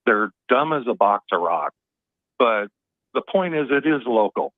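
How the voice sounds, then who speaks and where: A man's voice: medium pitch, animated, a little slow, no echo. A man calling into a radio show, talking in a blunt, dismissive way. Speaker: caller. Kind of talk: call-in talk. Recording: tinny phone line.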